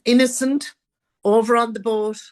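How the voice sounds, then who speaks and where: A woman's voice: a little high, little pitch movement, normal speed, darkish tone. An Irish woman, a guest author, telling her own life story in an interview and acting out what others said. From Ireland.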